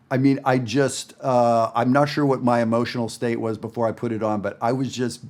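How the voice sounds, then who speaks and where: A man's voice: mid-range voice, a little mellow. A man teaching a casual guided jazz listening lesson, chatty and enthusiastic with frequent fillers. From Northern Virginia area. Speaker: jazz educator. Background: jazz record playing.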